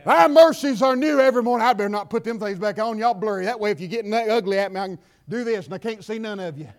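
A man preaching a sermon in a church, swinging from quiet asides to shouted lines. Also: high voice, racing. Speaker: pastor. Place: church sanctuary.

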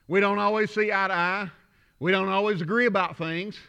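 A man preaching a sermon, talking to the congregation as if in conversation and swinging between loud declaring and quiet asides. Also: sits high, fairly even intonation, brisk, creaky, smooth, lo-fi sound. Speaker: pastor. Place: church.

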